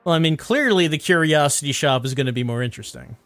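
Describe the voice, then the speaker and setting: A man's voice: a little high, lively intonation, fast talker, fairly bright tone. A man streaming a video game, chatting casually and musing aloud as he reads game text.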